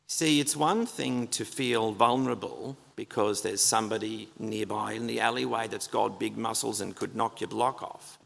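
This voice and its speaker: A man delivers a sermon with a strongly gravelly, fry-laden voice. He speaks earnestly and with emphasis, often putting questions to the congregation. His voice rings out with the long reverb of a church hall. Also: lowish voice, normal speed, fairly bright tone. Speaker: pastor.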